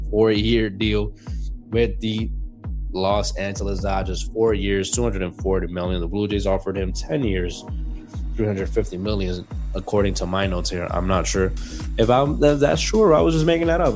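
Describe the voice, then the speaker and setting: Deep-voiced casual male podcast host. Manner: loose and self-deprecating, stumbles on names. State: coughing, throat clearing. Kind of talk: casual podcast rundown reading from notes.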